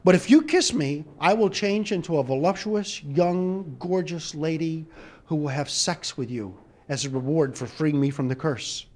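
Man putting on a talking frog, pleading cursed girl, raised pitch, coaxing. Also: normal speed, a little mellow, lightly acted. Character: talking frog claiming to be a cursed young woman.

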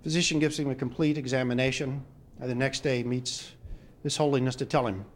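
A man doing stand-up, telling jokes in a lively storytelling way and chuckling at his own punchlines. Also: medium pitch, fairly quick, slight background noise. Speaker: comedian.

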